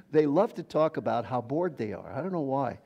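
Retired man preaching in a mellow voice. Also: mid-range voice, gravelly, breathy edge. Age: older. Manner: conversational storytelling preacher, quoting others in voices. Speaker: pastor. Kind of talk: sermon.

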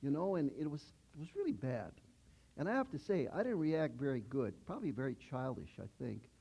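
A man's voice: a little high, very animated, fairly quick, gravelly, mellow, slightly rough, dull audio. A man in his sixties preaching a conversational sermon, chatty, asking the congregation questions. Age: 60s.

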